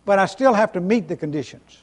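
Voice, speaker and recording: A man's voice: sits high, expressive, brisk. A man preaching a sermon as pastor, earnest and emphatic, repeating key phrases and restarting sentences. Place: church sanctuary. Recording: long reverb of a church hall.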